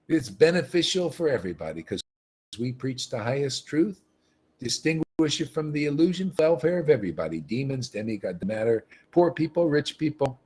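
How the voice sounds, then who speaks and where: A man hosting a livestream, preaching with animated emphasis, repeating himself and laughing often. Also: a little high, slightly rough. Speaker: livestream host. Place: livestream setup.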